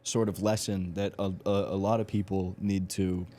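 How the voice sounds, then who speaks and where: A man hosting a podcast interview, chatting in a relaxed way and often saying "man". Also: low voice, normal speed. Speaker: podcast host. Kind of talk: casual interview chat.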